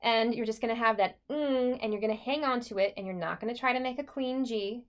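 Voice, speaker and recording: A woman's voice: fairly high pitch, fairly quick. A woman voice teacher talking through a singing lesson in a chatty, encouraging way, with many likes and okays.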